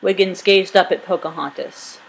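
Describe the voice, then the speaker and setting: Husky woman reading a storybook aloud. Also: fairly low pitch, steady tone, moderate pace, low-quality recording. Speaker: storybook reader.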